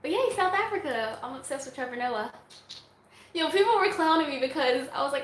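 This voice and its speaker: A woman's voice: high-pitched, animated, fast, a bit bright, slight background noise. Chatty woman vlogger in an echoey room. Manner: chatty, laughs often, breaks into song snippets. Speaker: YouTube vlogger answering viewer questions. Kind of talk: casual Q&A chat.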